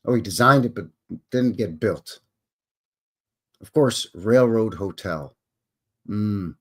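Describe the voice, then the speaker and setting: Man, live stream host; casual, rambling, wry and skeptical, reads aloud between asides. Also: fairly low pitch. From Canada. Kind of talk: live stream commentary, reading articles aloud.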